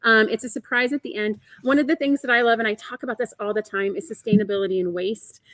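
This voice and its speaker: A woman's voice: fairly high pitch, steady tone, fast, fairly bright tone, dry recording, poor audio. A woman hosting a live quilting show, chatty and enthusiastic as she explains the program and answers viewers in the chat. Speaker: host of a quilting shop livestream. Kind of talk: upbeat live product show.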